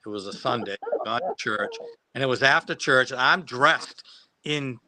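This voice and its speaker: A man's voice: medium pitch, lively intonation, normal speed, background noise. A man telling a long, rambling anecdote about his days as a film extra, full of restarts and laughing at his own story. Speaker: guest who acted as a child extra. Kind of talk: casual anecdote on a live stream.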